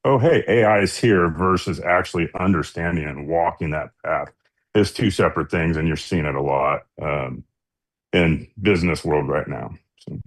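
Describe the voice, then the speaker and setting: Low voiced guy founder chatting casually on a radio interview, dry sound. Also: steady tone, normal speed, no room sound. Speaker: guest founder.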